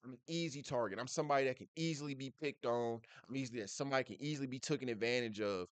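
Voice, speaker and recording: A man's voice: mid-range voice, racing, no room sound. Blunt, profane man riffing on a clip. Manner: blunt, profane street slang, repeats "bruh". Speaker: reaction video host. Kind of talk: casual commentary reacting to a clip.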